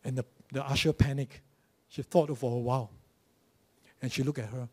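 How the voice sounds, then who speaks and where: A pastor with a Malaysian English accent preaches a church sermon, telling stories and acting out mocking voices before delivering a direct challenge. His voice is medium-pitched and mellow, brisk but broken by long pauses.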